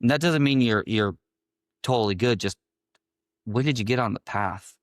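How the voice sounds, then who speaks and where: A man hosting a faith podcast, asking measured, thoughtful questions. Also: mid-range voice, no echo, clean studio sound. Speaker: podcast host. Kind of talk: reflective interview questions.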